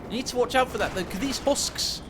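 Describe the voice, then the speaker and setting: High-voiced excitable man casting a game. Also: fairly quick, background noise. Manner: animated, bursts into loud excited laughter. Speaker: game caster, channel host.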